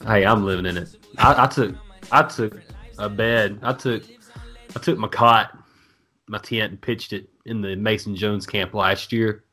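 A man's voice: on the low side, steady tone, a little slow, pushed and bright, faint music behind. A man from South Arkansas with a Southern accent, co-hosting a sports podcast, joking and trash-talking playfully. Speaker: podcast co-host. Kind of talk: casual sports chat.

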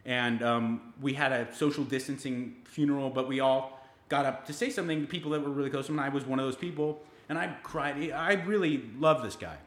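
A man co-hosting a comedy podcast, telling a rambling, excitable story with plenty of swearing. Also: medium pitch, brisk, echoey room. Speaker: podcast co-host. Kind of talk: casual comedic chat.

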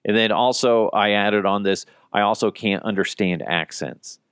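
A young man hosting a podcast, chatting casually and telling stories with a joking, animated manner. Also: fairly low pitch, normal speed, smooth, no room sound, studio quality. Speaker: podcast host. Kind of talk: casual chat.

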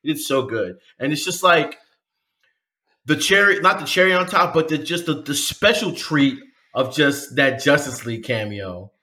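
Excitable slangy podcast guy, bright voice. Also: on the high side, normal speed. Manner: excitable, slangy, says bro, laughs a lot. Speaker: podcast co-host. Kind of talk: casual chat.

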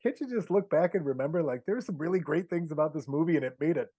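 A man's voice: on the high side, lively intonation, quick pace, dark tone, no room sound. A man talking as a podcast guest in a rambling, casual way, full of "like" and "you know". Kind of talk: casual chat.

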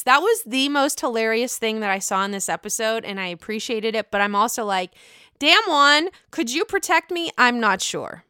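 Young woman host, sassy, profane, casual chat, higher voice, crisp and dry close sound. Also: normal speed, no room sound. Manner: sassy, expressive, swears freely. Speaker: podcast host recapping reality TV.

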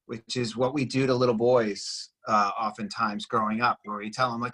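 A husky-voiced young man from Boston talks with a bright, forceful edge. He explains things earnestly and with energy, in the relaxed flow of a casual conversation. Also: mid-range voice, moderate pace, hardly any pauses, poor audio. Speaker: breathwork guide, former personal trainer.

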